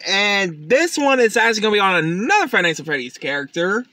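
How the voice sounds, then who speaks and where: A tired man with a notably high, bright voice hosts a casual unboxing vlog. He rambles in a chatty way, with plenty of fillers and restarts. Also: big pitch swings, fast, dry recording. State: tired, up since early morning. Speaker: YouTube unboxing host.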